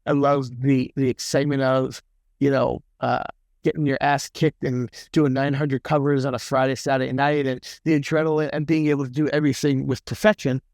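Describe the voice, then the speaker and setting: A middle-aged man, a chef guest on an interview show, telling stories in a lively way, swearing freely and acting out what other people said. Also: mid-range voice, a little fast, creaky, no room sound, clean studio sound. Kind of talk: casual storytelling interview.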